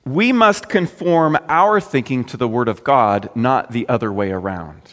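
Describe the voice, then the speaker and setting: A man preaching a sermon in a conversational way, his voice dropping low and soft at the ends of phrases. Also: animated, measured pace, big-room sound. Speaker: pastor.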